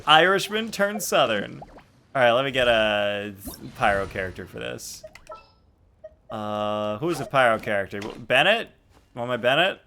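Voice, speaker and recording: A man streaming a game, chatting casually and excitably with his viewers. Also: medium pitch, unhurried, a little hiss or hum. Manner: excitable, jokey, reacting to chat. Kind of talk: casual live-stream chat.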